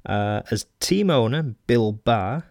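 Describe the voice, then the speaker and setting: A man talks through old magazine clippings on his own podcast, stopping for ums, restarts and wry asides between the read passages. His voice sits at an ordinary middle pitch for a man. The recording is dry and close, with no room sound around it. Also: lively intonation, slow pace, darkish tone, no echo. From Manchester, England. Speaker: podcast host. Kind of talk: casual solo podcast reading old magazine articles aloud.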